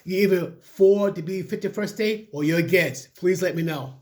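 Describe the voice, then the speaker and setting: A man's voice: high voice, normal speed. A man casually reading news articles aloud and breaking off with his own opinionated asides, often stumbling over the words.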